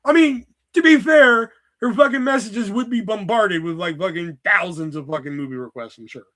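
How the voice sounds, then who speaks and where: A man's voice: high voice, moderate pace, fairly bright tone. A man streaming live, rambling in a casual, exasperated rant full of swearing. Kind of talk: casual profane livestream rant.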